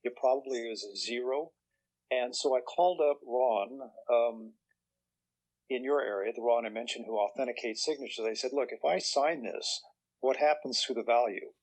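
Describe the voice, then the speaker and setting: An older man, a guest author, telling relaxed anecdotes in a chatty way and acting out the voices of people he quotes. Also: medium pitch, normal speed, low-quality recording. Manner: chatty, acts out quoted voices, chuckles through punchlines.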